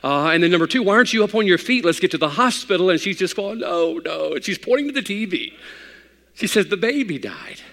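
Guy preaching in church, folksy stories then gets loud and fired up, lots of hall echo. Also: sits high, lively intonation, fast talker. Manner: folksy storytelling, rising to emphatic preaching. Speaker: pastor. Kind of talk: sermon. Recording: long hall reverb.

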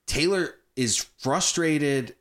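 A man's voice: fairly high pitch, slow, a bit bright. A man in a casual chat about a film, talking with animation, swearing freely and acting out quotes as he retells scenes.

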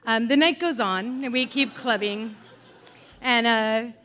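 A middle-aged woman telling a personal story on a theater pub stage, animated and wry, swinging between loud and hushed delivery. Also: fairly high pitch, slow.

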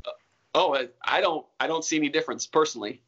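A man's voice: a little high, quick pace, a bit bright, lo-fi sound. A man being interviewed about hunting, talking in an earnest, rambling way with many restarts. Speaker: hunter guest. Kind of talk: casual interview talk.

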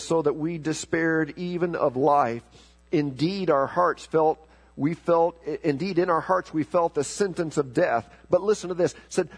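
A man preaching a sermon, telling a story with sharp emphatic rises and slowing to a low, deliberate voice for scripture. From South America. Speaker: pastor.

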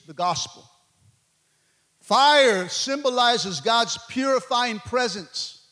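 High bright-voiced preaching man. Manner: preachy call-and-response, repeating words, shouting at peaks. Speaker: pastor. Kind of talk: sermon.

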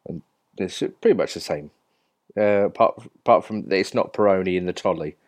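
A man's voice: low-pitched, fairly quick. A man with a Cockney accent chatting as a podcast regular, joking and easygoing. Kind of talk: casual chat.

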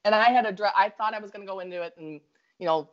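A woman with a Minnesota accent telling a story in a casual chat, animated and quick to laugh. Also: medium pitch. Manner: animated, laughs often, talks in bursts. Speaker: guest storyteller. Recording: slightly dull lo-fi audio.

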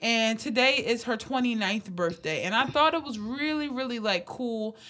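A woman in her late twenties co-hosting a podcast in casual chat, animated, laughing often and swearing freely. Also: fairly high pitch, moderate pace. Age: late 20s. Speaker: podcast co-host.

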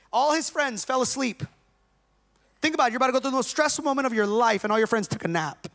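High-voiced pastor joking through a sermon. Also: male voice, fairly bright tone. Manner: conversational and joking, slangy. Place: church service with a live congregation.

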